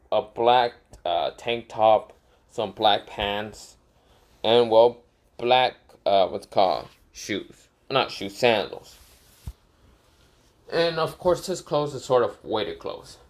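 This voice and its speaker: A young man casually narrating a made-up fan story, rambling with many fillers and self-corrections. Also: lowish voice.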